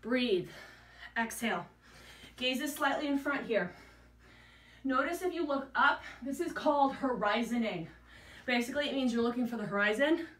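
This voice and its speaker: Breathless high-voiced woman fitness coach. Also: lively intonation, normal speed, pauses often, a bit bright. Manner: encouraging, counting reps while exercising. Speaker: fitness instructor. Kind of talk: workout class instruction. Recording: echoey room, mic at a distance.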